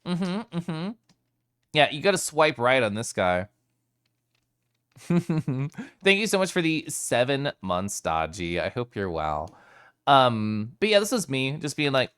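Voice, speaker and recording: A man's voice: medium pitch, big pitch swings, takes it slowly, fairly bright tone, smooth. A man streaming live, chatting casually with his viewers, playful and giggly as he greets them by name.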